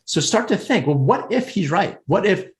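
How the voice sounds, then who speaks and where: An American man, a career coach, talking earnestly and conversationally about spirituality on a group call, often rising in pitch for emphasis. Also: very animated, moderate pace. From United States.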